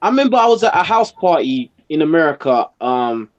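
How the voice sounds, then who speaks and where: Young english guy, pretty high voice, chatty storyteller on a podcast. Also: a little fast, muffled recording. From England. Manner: lively anecdotal, quoting others. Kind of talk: casual chat.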